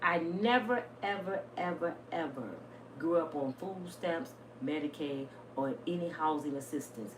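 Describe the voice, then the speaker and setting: A woman in her fifties talking casually and bluntly to her viewers, telling stories with salty, animated energy. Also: deep voice, measured pace, hardly any pauses. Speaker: vlogger. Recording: roomy, a bit distant, faint hiss.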